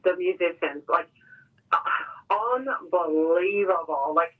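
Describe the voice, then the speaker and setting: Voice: mid-range voice, slow. Enthusiastic Newfoundland guest on a tinny phone line. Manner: chatty, enthusiastic, repeats words while thinking. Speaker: brewery representative, phone-in guest. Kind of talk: casual radio interview. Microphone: telephone.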